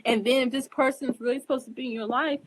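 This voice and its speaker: An astrologer giving advice talks casually and earnestly to her viewers in a monologue, emphatic and preachy, openly emotional, addressing listeners directly and often asking if they understand. Her voice is high with a steady tone, she talks fast, and the background is noisy.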